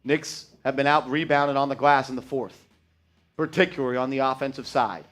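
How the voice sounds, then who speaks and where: A man hosting a fan live stream, calling play-by-play and getting loud and profane when his team messes up. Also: medium pitch, normal speed. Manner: excitable, shouts and swears at bad plays.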